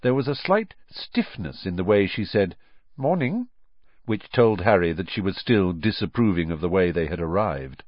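A man reading a children's novel aloud as audiobook narrator, with expressive storytelling. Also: low-pitched, moderate pace, hardly any pauses, no echo. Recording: dry, dull lo-fi recording.

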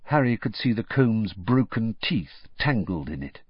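Man, audiobook narration, lower husky voice, dry lo-fi recording. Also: a little slow, no room sound. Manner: expressive, varied storytelling.

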